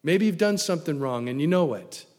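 A man preaching a sermon emphatically, swinging from loud declarations to hushed lines. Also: fairly high pitch, animated, a little fast. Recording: long hall reverb.

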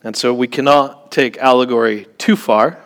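A man's voice: medium pitch, normal speed, fairly bright tone. A man preaching a sermon in a conversational way, with joking asides and frequent check-ins with his listeners.

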